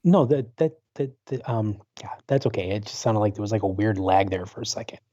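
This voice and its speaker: Over dull lo-fi internet call audio, a paranormal researcher in his forties guests on a talk show and rambles through a personal story, with many fillers and restarts. It's casual storytelling interview talk, and his lowish, dark-toned voice moves fairly quickly, with no room sound.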